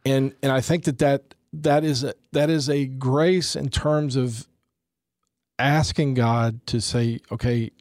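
A man's voice: medium pitch, fairly even intonation, takes it slowly, darkish tone, no room sound, clean studio sound. A man in his forties, earnest and reflective, talking about faith in a conversation and often repeating words as he starts.

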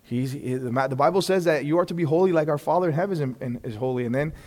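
A fairly high-voiced man teaches a Bible class in an easygoing, animated way. He tosses in "okay?" and "right?" and slips into little acted-out exchanges. His voice rings with a long reverb, as if he were in a large hall. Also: fast. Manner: animated, often acts out quoted dialogue; frequent restarts and check-ins.

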